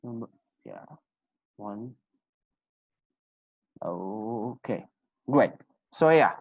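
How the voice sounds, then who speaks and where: Patient low-voiced woman teaching over a video call. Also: lively intonation. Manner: encouraging, repeats words slowly for learners. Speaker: English teacher. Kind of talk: online class teaching. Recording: dull lo-fi video call audio.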